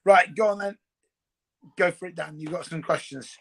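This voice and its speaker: A man's voice: fairly high pitch, normal speed, vocal fry, a bit bright, husky, rough recording. A man hosting a live virtual signing, chatting casually and guiding the guest through the autographs. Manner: friendly, runs the signing, chatty.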